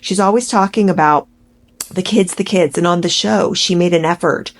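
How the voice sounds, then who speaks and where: A woman vlogger giving opinionated commentary in a sarcastic, exasperated, animated way. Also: lowish voice, moderate pace.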